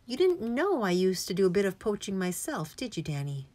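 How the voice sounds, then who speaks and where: A woman's voice: medium pitch, sing-song, a little fast, dark tone. A woman reading aloud, voicing a mischievous, talkative little old male country doctor. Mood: chatty. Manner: chatty, mischievous storytelling. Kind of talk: audiobook character reading.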